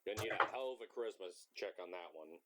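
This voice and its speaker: A man's voice: low-pitched, lively intonation, fast talker, heavy background noise. A man acting as game master in an online tabletop game, talking casually and swearing freely.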